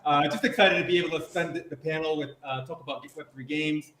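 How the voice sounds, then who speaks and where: A man's voice: on the high side, fairly even intonation, fast, a bit bright. A man on a panel chatting in a laid-back, teasing way. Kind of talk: casual chat. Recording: echoey room, faint noise.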